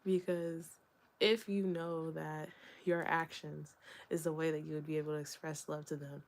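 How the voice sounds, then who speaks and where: A young woman talking candidly in a reflective solo vlog, rambling with many fillers and soft laughs. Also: sits low, flat delivery, moderate pace. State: hiccups. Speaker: vlogger.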